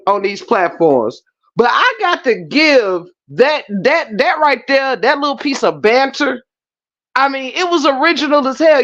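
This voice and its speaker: A woman host talks through a story in casual reaction commentary. Her voice sits high and swings widely in pitch, and her delivery is unhurried. The recording sounds dull and lo-fi. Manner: animated storytelling with Black American vernacular. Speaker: channel host.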